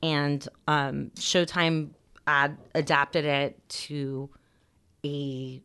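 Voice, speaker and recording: Brief: female co-host, very low and smooth voice, wry explainer. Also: flat delivery, extremely slow, fairly bright tone. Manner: chatty, wry, explains topics. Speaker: podcast co-host. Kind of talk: casual chat.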